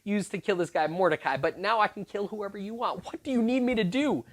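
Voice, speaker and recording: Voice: brisk, close to an everyday voice. A youth pastor acting out a panicking male villain courtier in a comic sermon retelling, pleading and frantic. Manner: frantic, pleading, pitch jumping around.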